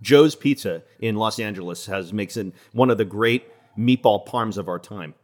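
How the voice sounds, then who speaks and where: A man's voice: on the low side, normal speed. Playful boastful man co-hosting. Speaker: podcast co-host. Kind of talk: casual chat.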